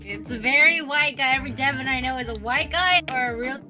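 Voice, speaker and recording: A woman's voice: high-pitched, brisk, pushed and bright, faint music behind. A woman gaming with friends, playful and teasing. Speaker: gamer. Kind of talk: casual gaming banter.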